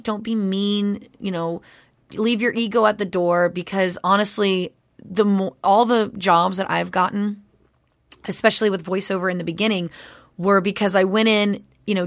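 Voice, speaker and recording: Chatty woman voice actress, animated, dry. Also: mid-range voice, no echo. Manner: chatty, animated, many fillers. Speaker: guest voice actress. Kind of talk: casual interview chat.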